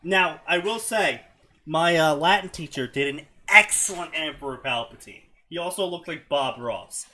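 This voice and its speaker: Co-host, man, animated pitch, mock-dramatic casual stream commentary. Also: normal speed. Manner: sarcastic, mock-dramatic reading. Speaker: co-host reading fanfiction.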